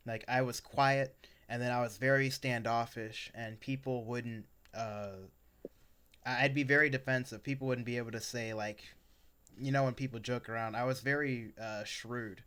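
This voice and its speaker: A man's voice: mid-range voice, steady tone, moderate pace, a bit bright, clean tone. Rambling young man telling stories. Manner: rambling, many fillers and restarts. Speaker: podcast co-host. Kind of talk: casual storytelling chat.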